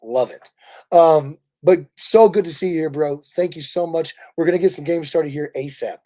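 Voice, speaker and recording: A man from Kansas City, Missouri, hosting a casual livestream, animated and laughing as he rambles through stories. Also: on the high side, normal speed. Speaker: livestream host.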